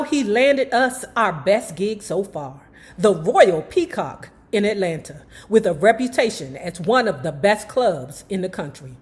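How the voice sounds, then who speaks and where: A woman reading a memoir aloud in first person, stopping now and then for chatty asides to her viewers. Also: medium pitch. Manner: animated, breaks off to talk to viewers.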